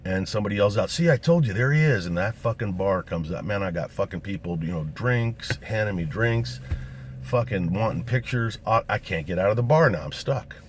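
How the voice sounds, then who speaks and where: Deep-voiced man telling a profane story. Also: moderate pace, slight background noise. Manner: profane, swears constantly; animated, acts out quotes of other people. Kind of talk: casual true-story storytelling.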